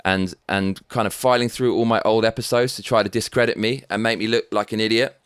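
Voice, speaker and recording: A man's voice: fairly low pitch, steady tone, a little fast, fairly bright tone, clear, resonant tone, no room sound, clean studio sound. A man with an English accent hosting a live stream, reading out viewer comments in a cheeky, rambling, sweary way. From England.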